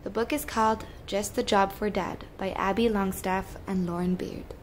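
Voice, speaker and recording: A woman teacher reading a picture book aloud to young children, in a gentle, expressive storytelling manner. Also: medium pitch, normal speed, slight background noise.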